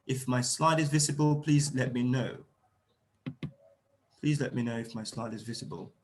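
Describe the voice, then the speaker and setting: A man's voice: mid-range voice, normal speed, a little hiss or hum. A man giving an emphatic online seminar lecture to teachers, repeating key phrases and acting out example lines. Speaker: teacher trainer. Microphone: video call.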